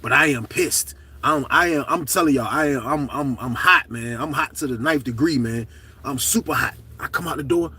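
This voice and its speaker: A middle-aged man telling a story to camera in a casual, profane, animated way, shouting at the high points. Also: moderate pace, slightly rough, recorded from a distance.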